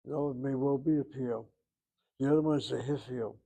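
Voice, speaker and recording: Middle-aged male Hebrew teacher, lecturing, mid-pitched voice, stops to hunt for words. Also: fairly even intonation, creaky, dark tone. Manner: thinks aloud, pauses to search for terms. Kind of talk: classroom lecture.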